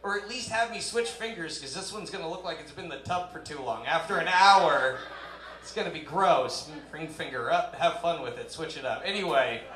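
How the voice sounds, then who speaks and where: A male stand-up comedian with a high, bright, forceful voice rambles through a loose, self-deprecating set. He talks into a handheld mic on a club stage, and the room's echo rings around him. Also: normal speed, a little hiss or hum. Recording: roomy live club sound.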